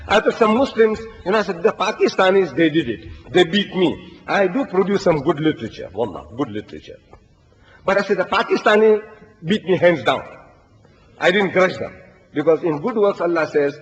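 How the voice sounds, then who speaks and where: An older man preaching to an audience, telling animated stories and reciting Arabic verses. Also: sits high, brisk. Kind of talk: lecture to an audience. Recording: dull lo-fi recording, long hall reverb.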